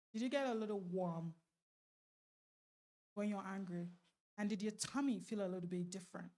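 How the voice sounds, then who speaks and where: A woman speaking at a church marriage seminar, lively and laughing often as she questions the audience directly. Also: mid-range voice. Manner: laughs often while talking.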